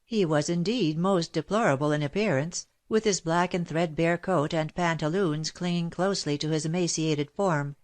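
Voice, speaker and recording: Low-voiced woman narrating an audiobook. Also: moderate pace, hardly any pauses. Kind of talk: scripted narration.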